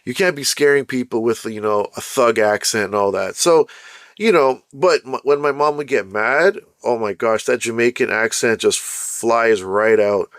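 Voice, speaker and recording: A man's voice: medium pitch, moderate pace, fairly bright tone, no room sound, studio quality. A young man from Canada hosting his own podcast, telling a personal story in a casual, rambling way with plenty of fillers and restarts. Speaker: podcast host.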